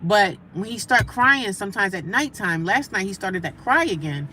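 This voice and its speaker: A woman livestreaming casual talk from her daily life, animated and emphatic, repeating her points and breaking off to greet passersby. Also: mid-range voice, moderate pace, slight background noise. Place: homeless shelter area.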